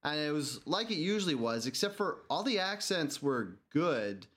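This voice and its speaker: A man co-hosting a podcast from his apartment, his slightly high voice bouncing all over as he jokes. He talks in quick bits and pops into goofy voices. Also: very animated, a bit bright. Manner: jokey, puts on quick silly voices. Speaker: podcast co-host. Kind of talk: casual chat. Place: echoey apartment. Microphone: studio mic with headphones.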